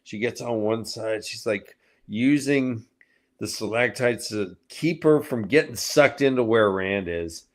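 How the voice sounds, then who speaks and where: A man's voice: fairly low pitch, a little slow. Rambling man recapping a chapter. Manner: rambling recap with filler words and trailing off. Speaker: podcast co-host summarizing chapters. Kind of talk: casual book discussion.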